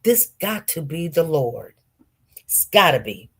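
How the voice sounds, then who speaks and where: A woman telling viewers a personal testimony with great intensity, swinging from loud outbursts to hushed murmurs and often repeating herself. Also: sits low, very animated, takes it slowly, slightly rough. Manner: repetitive, restarts. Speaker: online show host.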